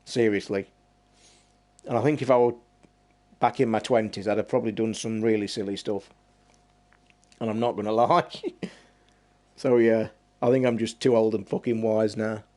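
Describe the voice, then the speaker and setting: Brief: man, 50s, streamer host, passionate swearing rant, slow stressed emphasis. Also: fairly low pitch, steady tone, dark tone. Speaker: podcast host.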